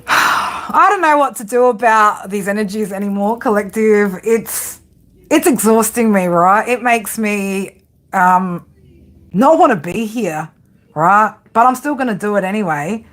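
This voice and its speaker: A woman's voice: mid-range voice, takes it slowly, fairly bright tone. A woman reading tarot for her viewers, ranting in an exasperated way, swearing constantly, laughing often and asking "right?" again and again. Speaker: psychic tarot reader.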